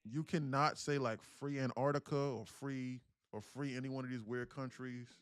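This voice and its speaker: A man's voice: mid-range voice, fairly even intonation, normal speed, clean tone, no echo, clean studio sound, faint music behind. A man hosting a casual live trading stream, telling a rambling story in a slangy way. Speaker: day trader and livestream host. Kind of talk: casual livestream chat.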